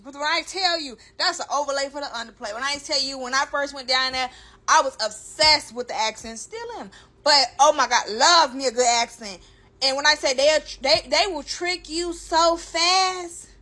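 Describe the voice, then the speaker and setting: A young woman telling a story to camera in an emphatic, animated way, stretching words for effect. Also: sits high.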